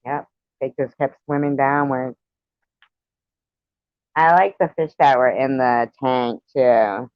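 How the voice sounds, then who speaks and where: A man's voice: medium pitch, fairly even intonation, slow, pauses often, smooth, no echo, highs cut off. A man chatting with viewers on a live stream, giggly and meandering, often trailing off. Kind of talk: casual rambling chat.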